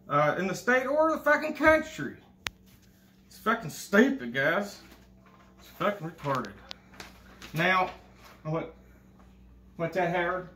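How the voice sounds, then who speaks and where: A man's voice: sits high, bright, forceful tone, full character voice. A man doing a crude, bragging governor. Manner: rambling, profane and bragging. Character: crude boastful older male state governor. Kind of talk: comedic impression monologue. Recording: echoey room.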